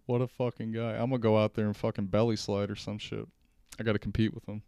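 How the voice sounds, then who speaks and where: A young man with a lowish, smooth and resonant voice rambles through a casual solo podcast, cracking jokes and swearing freely. The sound is close and dry. He talks loosely, drifting from one aside to the next. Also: flat delivery, quick pace, darkish tone, dry recording. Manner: rambling, profane, jokey. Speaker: podcast host. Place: kitchen table at home.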